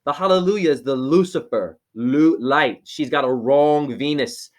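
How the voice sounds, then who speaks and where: A somewhat high-voiced man talks over a video call as a spiritual teacher. He is preachy and rambling, and his voice jumps up in sudden excited exclamations. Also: moderate pace. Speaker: spiritual teacher giving a name reading.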